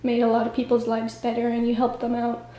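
Tearful young-sounding woman, halting speech. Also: a little high, completely flat delivery. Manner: halting, hesitant, soft-spoken. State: fighting back tears. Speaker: vlogger. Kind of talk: tearful video tribute. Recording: echoey room.

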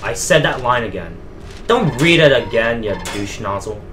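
A young man streaming a horror game, reading diary notes aloud and muttering to himself as he explores. He is jumpy, swearing and yelping at the scares. His voice sits at a mid pitch over faint background ambience. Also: expressive, moderate pace, a bit bright, a little hiss or hum. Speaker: gameplay streamer.

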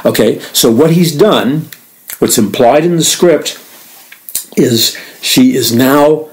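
A man hosting a radio Bible teaching, earnest and emphatic, repeating words as he explains and reading verses quickly between slower commentary. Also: mid-range voice, poor audio. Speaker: radio minister and host.

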